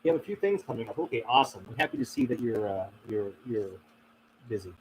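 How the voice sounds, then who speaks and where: A man's voice: medium pitch, expressive, quick pace, slight background noise, rough recording. Rambling man chatting with live viewers. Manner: rambling, laughs often, many fillers and restarts. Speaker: paranormal channel host reading live chat. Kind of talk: casual live-stream chat.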